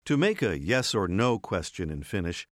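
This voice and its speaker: A man narrates a language lesson in a clear, measured way. His voice sits fairly low but rises and falls a great deal. The recording is dry and close. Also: big pitch swings, dry recording. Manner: clear, measured teacher's delivery. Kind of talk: scripted instructional narration.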